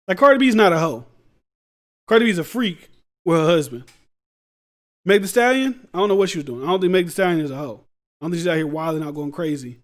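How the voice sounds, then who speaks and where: A man hosting a podcast, giving blunt, rambling commentary in slangy street talk. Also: sits high. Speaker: podcast host. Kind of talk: casual commentary.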